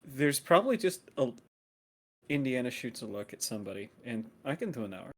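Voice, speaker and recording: A man's voice: mid-range voice, sing-song, a little fast. A man playing in a live tabletop game, joking and bantering with the table. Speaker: player. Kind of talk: casual tabletop play.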